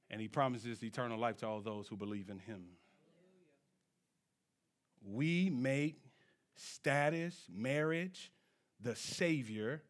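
A man preaching a sermon in church, swinging from low, quiet lines to shouted peaks and drawing answers from the congregation. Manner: call-and-response with the congregation. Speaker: pastor.

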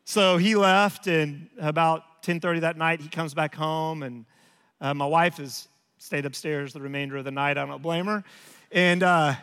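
A man's voice: on the high side, fairly even intonation, normal speed, fairly bright tone, clear, resonant tone. A man in his forties preaching a sermon as a pastor, telling stories about himself in a conversational, self-deprecating way. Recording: long hall reverb.

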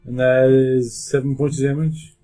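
A man's voice: mid-range voice, little pitch movement, moderate pace, mellow, soft background music. A man playing a tabletop game, easygoing and chatty. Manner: easygoing, laughs often. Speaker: player. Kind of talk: casual chat at a tabletop game.

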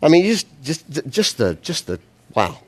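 A man preaching a sermon, telling the story with animated asides and acted-out quotes. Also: fairly high pitch, unhurried. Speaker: pastor.

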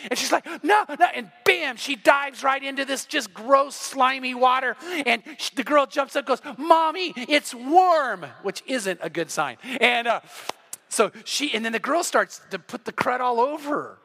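High, bright-voiced male pastor preaching. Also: normal speed, gravelly. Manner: animated storytelling, acting out quoted voices. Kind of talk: sermon. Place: church sanctuary.

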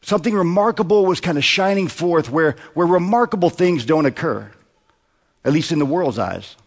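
In a church sanctuary with long hall reverb, a man in his thirties delivers a conversational sermon, frequently asking the congregation rhetorical questions. The pastor speaks at a normal speed in a slightly high, expressive voice.

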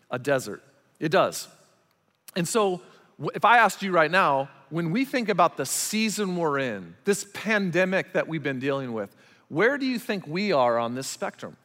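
A man preaching a sermon as pastor, animated and emphatic, shifting between loud, urgent lines and quiet, slow ones. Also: sits high, big-room sound.

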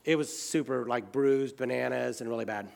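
With a creaky, mid-range voice at normal speed, an American man narrates a trip of his own in a casual, filler-filled style. He goes from excited to hushed and quiet by turns.

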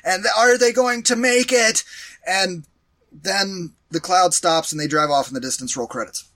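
A man co-hosting a podcast, recapping a movie in animated, exasperated casual chat with some swearing. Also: high-pitched, a little slow. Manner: animated, exasperated storytelling with profanity. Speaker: podcast co-host reviewing a movie.

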